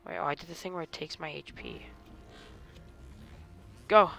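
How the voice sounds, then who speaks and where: A man giving live gameplay commentary, excitable and talking to himself and his enemies, with mock British slang now and then. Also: a little high, normal speed, gravelly, long pauses, faint music behind. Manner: excitable, talks to himself and the enemies mid-fight. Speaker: gaming channel host.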